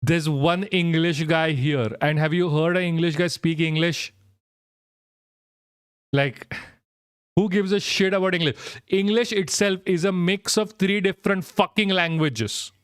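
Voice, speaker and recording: A man's voice: a little high, measured pace, smooth, dry recording, studio quality. A young Indian man hosting a live stream, ranting bluntly and with lots of swearing as he answers viewer comments. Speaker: livestream host.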